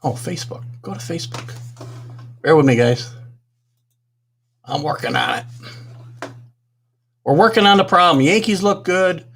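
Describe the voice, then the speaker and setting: A man's voice: fairly high pitch, measured pace, creaky, long pauses, fairly bright tone, slight background noise. A man hosting a live sports talk stream, flustered and apologetic, muttering to himself while fighting technical trouble. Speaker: sports talk show host.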